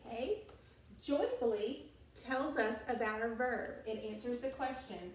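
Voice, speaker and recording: A woman teaching an elementary school lesson for remote students, slow and patient, recorded on a tablet in a classroom. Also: a little high, distant mic, slight background noise. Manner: slow, patient, drawn-out instructional delivery. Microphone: tablet device recording. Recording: echoey room, voice off-mic.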